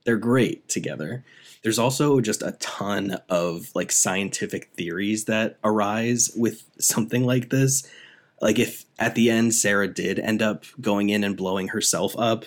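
A man with a fairly low voice talks through a film on a podcast in loose, enthusiastic chat. He rambles, laughs often, and stacks up questions as he goes. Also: a little slow. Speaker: podcast co-host. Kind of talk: casual movie review chat.

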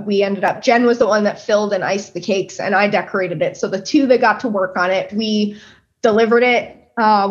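A woman in her twenties from New Jersey, telling an excited story in casual chat, swearing freely and acting out quotes. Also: mid-range voice, highs cut off. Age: 20s. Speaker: guest pastry chef.

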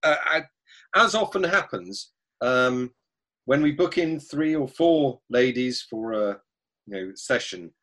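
A man hosts a relaxed podcast chat, making dry, teasing remarks. His husky voice moves lively up and down as he stops and restarts his sentences. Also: mid-range voice. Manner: dry joking, halting with restarts. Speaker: podcast host. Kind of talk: casual podcast interview.

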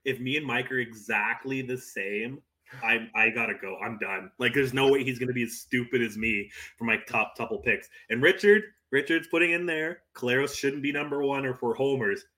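A man's voice: medium pitch, steady tone, moderate pace, pushed and bright. A man co-hosting a casual sports podcast, rambling and self-deprecating, full of "like" fillers. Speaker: podcast co-host. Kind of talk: casual sports roundtable chat.

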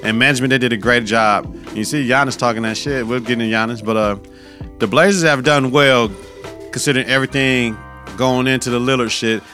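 Male podcast host, casual profane sports talk, mid pitch, faint music underneath. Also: fairly even intonation, fairly quick, bright, forceful tone. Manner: loose, profane, slangy, conversational.

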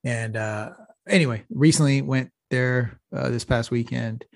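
A man's voice: mid-range voice, measured pace, creaky, no room sound, clean studio sound. A middle-aged man from Texas, a podcast co-host telling a rambling, profane story in a casual chat. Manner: profane, laid-back storytelling with frequent laughs.

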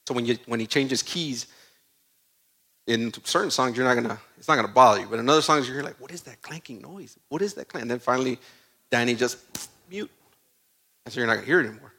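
A man preaching a sermon in a conversational, animated way, full of asides and stories. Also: medium pitch, quick pace, pauses often.

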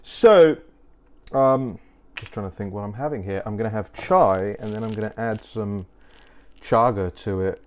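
A man's voice: fairly low pitch, measured pace, highs cut off. A British man telling a rambling political anecdote in a casual monologue, with wry asides. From Britain. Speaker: political commentator.

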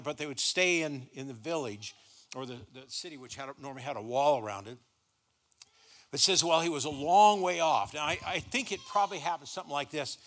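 A man's voice: a little high, bright, forceful tone. A middle-aged man preaching a sermon in a church, folksy and stumbling over repeated words as he starts his sentences. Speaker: guest pastor.

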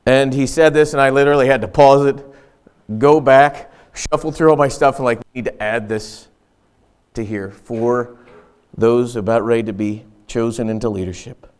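A man's voice: mid-range voice, steady tone, moderate pace, smooth. A middle-aged man preaching a sermon as pastor in a church, talking in an earnest, conversational way and repeating key phrases for emphasis.

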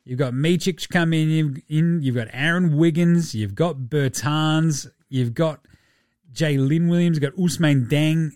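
Sweary, laughing Australian podcast host. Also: male voice, a little high, a little mellow, dry recording. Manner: loose, sweary and quick to laugh. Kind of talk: casual solo sports podcast.

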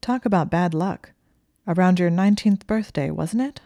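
A woman's voice: lowish voice, normal speed, warm tone, no room sound, studio quality, natural voice. Woman doing sly, smirking young man. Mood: sly, teasing. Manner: teasing, probing, smirking.

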